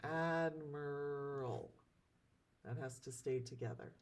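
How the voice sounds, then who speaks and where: Slow, low-voiced woman teacher. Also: expressive. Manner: slow, drawn-out word sounding. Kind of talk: recorded classroom lesson.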